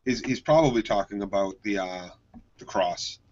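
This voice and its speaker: Man, podcast co-host, measured, muffled audio. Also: lowish voice, darkish tone. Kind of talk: casual chat.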